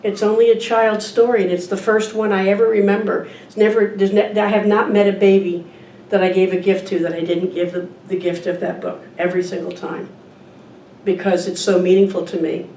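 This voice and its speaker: Speaking a little fast with flat delivery, a woman with a mellow, medium-pitched voice reads from a picture book during an informal church sermon. She's the guest speaker and keeps things conversational by asking the audience questions. Expect a little hiss or hum, faint ambience, a distant mic and an echoey room.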